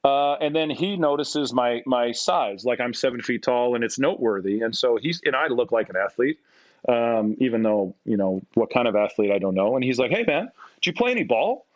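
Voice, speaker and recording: Speaking at a moderate pace in a mid-range voice, this forties-aged Canadian podcast guest shares laid-back stories. He's self-deprecating and acts out the voices he quotes, all captured in a dry, slightly muffled recording.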